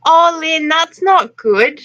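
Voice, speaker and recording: A woman's voice: high voice, animated, takes it slowly, bright, forceful tone, highs cut off. A middle-aged Australian woman hosting a casual livestream, chatting and laughing as she greets viewers by name. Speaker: livestream host. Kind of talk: casual livestream chat reading comments.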